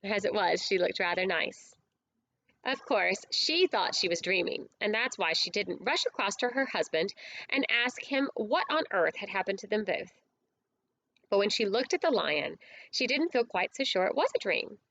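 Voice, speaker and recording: A woman reading a storybook aloud as an audiobook narrator, with clear, steady storytelling. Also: mid-range voice, normal speed.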